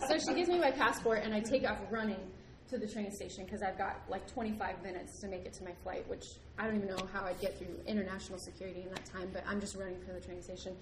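A young woman tells a story in a lively, chatty voice. Her pitch sits in the middle range, and she laughs easily. The recording is roomy, with noise behind her. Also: fast talker. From United States. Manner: animated, laughs often, acts out the people in her story. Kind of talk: casual storytelling.

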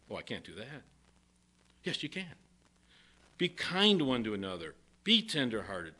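A man's voice: medium pitch, bright, forceful tone. An older man preaching a sermon, reading verses and joking as he goes. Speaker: pastor.

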